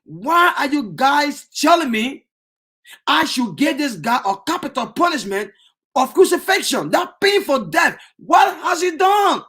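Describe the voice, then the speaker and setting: A man preaching voices Pontius Pilate as a pleading governor who slows down and rises to shouts. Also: very high voice, big pitch swings, pitched above the performer's own voice, heavily acted.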